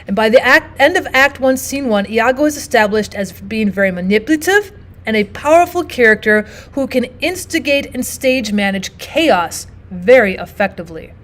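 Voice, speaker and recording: Fairly high-voiced woman teaching literature. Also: normal speed. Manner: explanatory, steady, often starts with "now" and "so". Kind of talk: recorded lesson narration.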